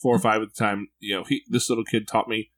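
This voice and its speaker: A man's voice: lowish voice, little pitch movement, fast talker, fairly bright tone. A man in casual conversation, candidly telling reflective personal stories as a podcast co-host.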